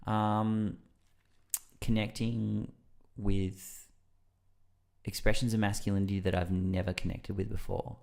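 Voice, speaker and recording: A man with a low voice talks in a relaxed, conversational way as a podcast guest, with a gravelly edge to his voice. He rambles a little and fills pauses often. He acts out his own reactions while he tells a story. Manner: loose and rambling with many fillers.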